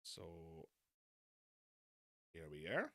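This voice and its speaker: A man's voice: sits low, wildly swooping pitch, drawn-out words, a bit bright, no room sound, clean studio sound. A man hosting a live stream, chatting casually and self-deprecatingly, wandering off into tangents. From not American. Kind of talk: casual rambling live chat.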